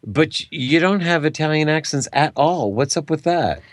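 A man's voice: a little high, animated, moderate pace, dry recording. A man hosting a radio show, chatting casually with guests, often stumbling over his words and laughing easily. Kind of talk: casual interview chat.

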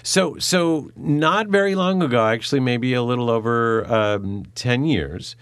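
A man hosting an audio interview, halting and repeating his words, and laughing often. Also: mid-range voice, clean tone, no room sound. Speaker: host.

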